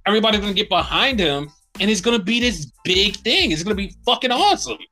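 A man's voice: high voice, very animated, fast, pushed and bright, soft background music. A man co-hosting a podcast, chatting casually and animatedly about wrestling, swearing often and acting out rants. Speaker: podcast co-host.

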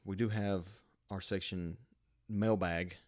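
A man's voice: low voice, steady tone, takes it slowly, a little mellow. A man co-hosting a podcast in casual, profane, joking chat. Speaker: podcast co-host.

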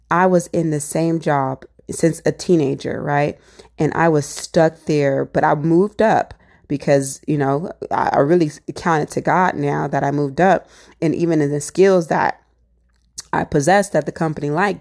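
Woman telling her faith story. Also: sits low. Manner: animated, acts out her own past thoughts, many "like"s and "you know"s. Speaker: speaker sharing a faith testimony. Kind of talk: personal testimony, storytelling.

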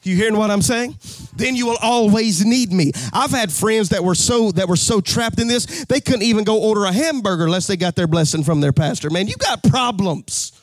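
Animated man preaching a sermon. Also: high-pitched, brisk, hardly any pauses, dry recording, studio quality. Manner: animated preaching, breaks into shouts and sing-song cadence; folksy, jokes with the crowd, repeats phrases. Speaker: pastor. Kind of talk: live sermon to a congregation.

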